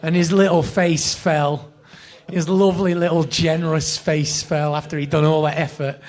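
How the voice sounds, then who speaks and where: A man with a northern English accent, a podcast guest telling animated, self-deprecating, sweary anecdotes. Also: on the high side, moderate pace. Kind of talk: anecdotal storytelling.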